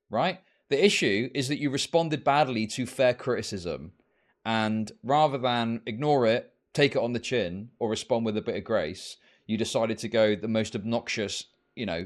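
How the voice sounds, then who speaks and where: A young man streaming, ranting sarcastically about social media posts and swearing often. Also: mid-range voice. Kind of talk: ranting livestream commentary.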